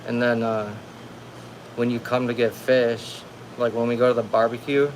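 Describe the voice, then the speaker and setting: A man's voice: medium pitch, flat delivery, moderate pace, a little hiss or hum. A young man hosting a casual livestream from home, talking in a laid-back, rambling way full of slang. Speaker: livestream host. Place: at home with a cat. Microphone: phone livestream.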